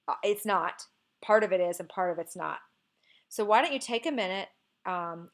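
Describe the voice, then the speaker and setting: A woman teacher explaining poetic meter in a recorded lesson, patient and explanatory, often checking in with "okay". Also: mid-range voice.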